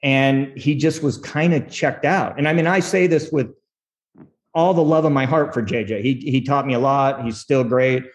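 A middle-aged screenwriter telling candid stories in an interview, acting out quotes and laughing often. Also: male voice, mid-range voice, normal speed. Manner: animated storyteller, acts out quotes, laughs often. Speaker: screenwriter guest.

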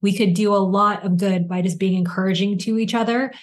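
A woman in her forties talks in a relaxed, chatty way. She tells stories with energy and slips into quoted voices. Her voice sits at a middle pitch. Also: a little fast. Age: 40s. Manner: animated storyteller, acts out quoted voices. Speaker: podcast co-host. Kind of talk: casual chat.

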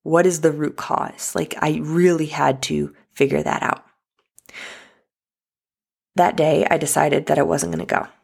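Low gravelly-voiced woman telling a story. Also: flat delivery, measured pace, long pauses, a little mellow. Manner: chatty, many likes and restarts, addresses viewers as guys and y'all. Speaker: vlogger. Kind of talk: casual personal storytelling.

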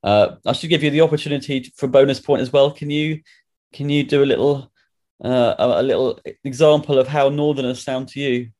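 A man's voice: mid-range voice, fairly quick, darkish tone. A man hosting a comic game show with dry, wry remarks. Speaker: quiz host.

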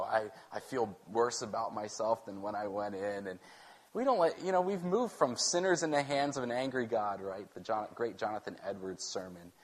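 A man, a pastor, preaching a sermon, asking rhetorical questions and often restarting phrases. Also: fairly low pitch. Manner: rhetorical questions, animated delivery with frequent restarts.

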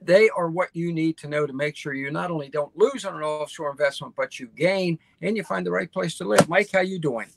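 Enthusiastic man with gravelly voice. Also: on the high side, a little fast, hardly any pauses, no room sound. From Baltimore. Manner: enthusiastic, repeats for emphasis. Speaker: podcast host. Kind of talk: casual interview chat.

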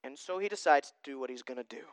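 A young man preaching a sermon as a pastor, conversational and self-deprecating, with lively asides. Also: mid-range voice, quick pace, dry recording, studio quality.

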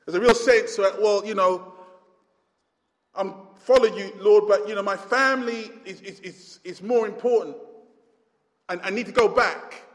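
A man preaching a sermon, impassioned, rising to near shouts and then dropping low. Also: moderate pace, long pauses. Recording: hall reverb.

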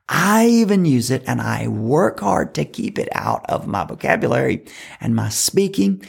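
Heavy vocal fry, husky, slow and deliberate, lively pitch, emphatic speaking coach. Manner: emphatic, repeats key words, demonstrates filler words. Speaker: public speaking coach for fundraisers. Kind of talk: instructional talk.

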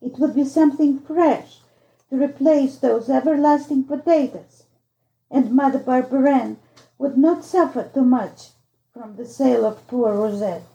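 A woman narrating a storybook in a measured, unhurried way. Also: high voice, vocal fry, warm tone, reverberant, highs cut off. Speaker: audiobook narrator.

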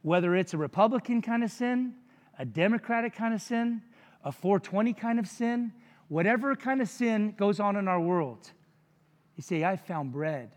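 High-voiced preacher in a reverberant hall. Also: male voice, normal speed. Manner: conversational, jokey preaching with frequent asides. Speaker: pastor. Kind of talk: sermon.

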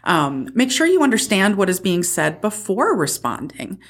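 A woman therapist co-hosting a podcast, giving calm, practical advice on handling conflict. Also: medium pitch, moderate pace. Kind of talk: casual podcast chat.

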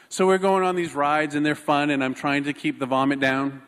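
Animated storytelling pastor in a reverberant hall. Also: male voice, on the high side, moderate pace, clear, resonant tone. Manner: animated, self-mocking storytelling. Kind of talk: sermon with a personal story.

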